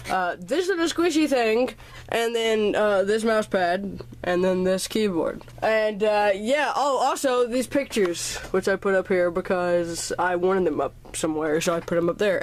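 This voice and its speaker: A woman's voice: mid-range voice, a little mellow, slight background noise. A teenage girl vlogging at home about her birthday presents, chatty and rambling, a little sick and slightly out of breath, recorded on a camera's built-in mic in her bedroom. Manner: rambling, chatty, points at items one by one. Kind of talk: casual birthday haul vlog.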